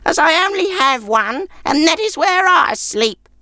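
A man's voice: very high-pitched, very animated, unhurried, pushed and bright, dry recording, studio quality, voice pushed up, exaggerated voice. A man voicing a sour, stingy old woman in a storybook tale, speaking in a snappish, grudging way.

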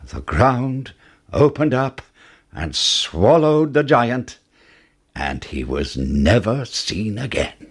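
A man reads a fairy tale at an unhurried pace, his pitch rising and falling widely. The voice is somewhat breathy. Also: big pitch swings. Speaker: storyteller. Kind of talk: children's story narration.

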